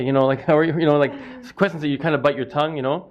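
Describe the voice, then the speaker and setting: Fast-talking middle-aged male comedian. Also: medium pitch, highs cut off. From Canada. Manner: rambling, self-interrupting, quotes customers. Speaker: stand-up comedian and butcher. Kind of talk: casual interview answers.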